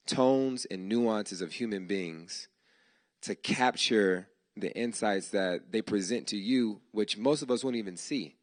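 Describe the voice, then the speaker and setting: A man's voice: fairly low pitch, dry recording. A man hosting a startup demo day, giving heartfelt, casual, slangy thanks to his team in a live speech before an audience. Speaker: event host giving thanks. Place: event hall before an audience.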